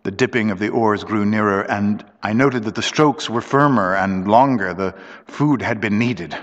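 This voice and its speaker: A man narrating a story aloud in a steady, measured way, recorded with long reverb. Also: lowish voice, highs cut off.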